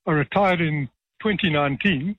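A retired judge, telling stories with dry, self-deprecating humour in a radio interview. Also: male voice, on the high side, normal speed, dry recording, lo-fi sound. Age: 70s.

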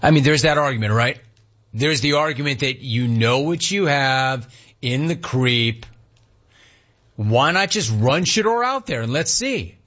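A man's voice: medium pitch, expressive, unhurried, fairly bright tone. A man hosting a sports talk show, ranting with rhetorical questions and reading out chat comments. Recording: dull lo-fi sound.

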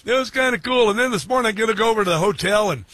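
A man's voice: high-pitched, rapid-fire, a bit bright, no echo. A middle-aged man hosting a talk radio show, rambling with many fillers and mocking asides. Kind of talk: casual opinionated talk radio.

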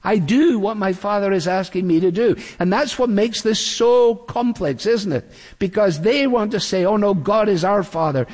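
Man giving a sermon, earnest, somewhat high voice, long hall reverb. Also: darkish tone. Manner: earnest expository preaching, slowing for quoted lines. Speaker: preacher.

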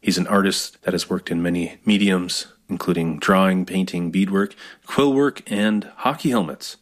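A man hosting a radio program, reading a measured, scripted introduction and then chatting with his guest. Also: deep voice. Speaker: radio show host.

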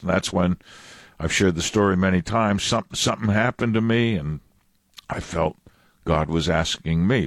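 A male pastor preaches in a relaxed, rambling way, drifting into side stories and chuckling at himself. His voice sits fairly low. The sound is dry and close. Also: normal speed, no echo. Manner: casual, digressive, chuckling asides. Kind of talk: conversational sermon.

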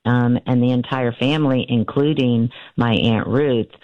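A woman in her fifties, an author being interviewed, telling a family story earnestly with many pauses and restarts. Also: very deep voice, fairly even intonation, no room sound, muffled recording. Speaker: author and guest.

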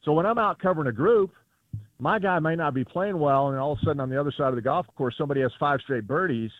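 A man's voice: fairly high pitch, fast, dry recording. A man, a golf reporter, telling stories in a phone-in radio interview and acting out the voices he quotes. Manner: animated storyteller, acts out quoted voices. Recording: tinny phone line.

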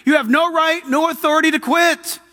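A man's voice: very high voice, fairly even intonation, brisk, bright, forceful tone, in a large hall. A man preaching a sermon, telling stories and rising to emphatic exhortation.

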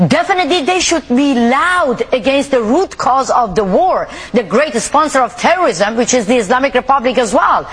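Activist guest, woman from Iran, high-pitched, emphatic and indignant. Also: a bit bright. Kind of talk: interview.

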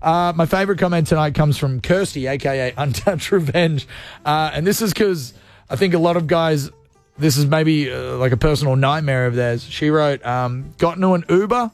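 A man's voice: fairly high pitch, normal speed, soft background music. A man hosting a casual talk radio show in loose, cheeky banter. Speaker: radio host.

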